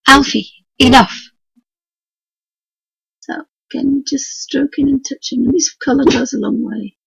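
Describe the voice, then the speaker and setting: Broadcasting live from her work desk at home, a craft tutor from Yorkshire gives a chatty painting demonstration in a hoarse, croaky Yorkshire voice that is very husky and full of gravelly fry, pitched a little high for a woman. She rambles in a homely, mellow way at normal speed. The computer-mic audio is dull and lo-fi, dry and close, with no echo.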